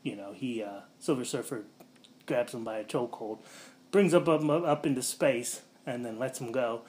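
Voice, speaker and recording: A man hosting a casual podcast, rambling through a movie plot with lots of fillers and quick voiced-out quotes. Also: medium pitch, a little mellow. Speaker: podcast host.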